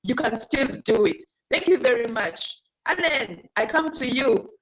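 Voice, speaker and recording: A woman's voice: fairly high pitch, animated, measured pace. A woman hosting a panel, encouraging, thanking and introducing the speakers. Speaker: event host. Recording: dull lo-fi sound.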